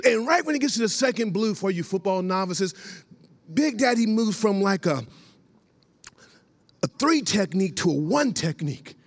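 A man from Columbus, Ohio, a former football lineman, telling a lively story to an audience, acting out lines and breaking into shouts. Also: high voice, moderate pace, long pauses. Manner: animated, acts out quotes, bursts into shouts.

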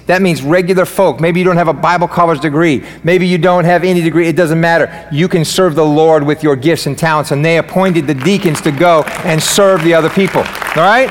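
Brief: lively, joking male pastor mid-sermon, fairly high voice, long hall reverb. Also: moderate pace, hardly any pauses, a faint crowd. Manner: energetic, joking and preaching. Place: church sanctuary.

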